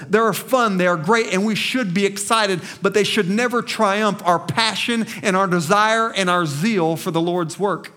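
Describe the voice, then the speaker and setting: A man with a notably high voice preaches with fervor from the pulpit of a small church. He talks emphatically, stumbles over repeated words as he pushes his point, and keeps calling on the congregation to respond. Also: fairly bright tone. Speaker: pastor. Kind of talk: sermon.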